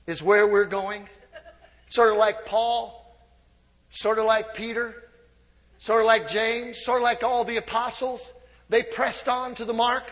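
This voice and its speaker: A male pastor preaches in a sanctuary with a strikingly high, bright and forceful voice. He drops to near whispers, then bursts into shouts, and laughs through his own jokes. The sound rings out with a long hall reverb. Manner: preaching with swings from hushed to shouting; humorous asides and laughter. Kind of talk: sermon. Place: church sanctuary.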